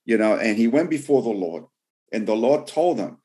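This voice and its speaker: A man, a pastor, teaching a sermon in a loose, conversational way, with many "you know" fillers, who slows down to read scripture verses. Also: mid-range voice, expressive, mellow. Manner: reads scripture verses slowly and deliberately.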